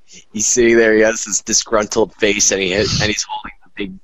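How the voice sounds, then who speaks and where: Low-voiced man rambling casually. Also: level tone, brisk, a bit bright, no room sound, rough recording. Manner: rambling, many fillers. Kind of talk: casual chat.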